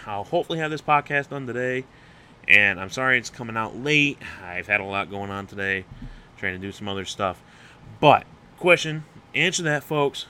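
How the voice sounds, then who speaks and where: A young man hosts a solo podcast with no script, his voice bright and forceful. He rambles, restarts his sentences and swears freely as he gets hyped. A faint hiss sits under him. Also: mid-range voice. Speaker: podcast host. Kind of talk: unscripted solo podcast rant.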